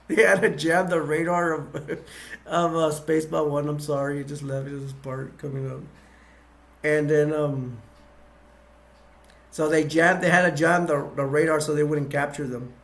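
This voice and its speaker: Gravelly man rambling through a retelling. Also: on the high side, fairly even intonation, a bit bright. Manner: halting and rambling, many restarts, chuckles as he goes. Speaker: movie reviewer. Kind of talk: casual scene-by-scene retelling.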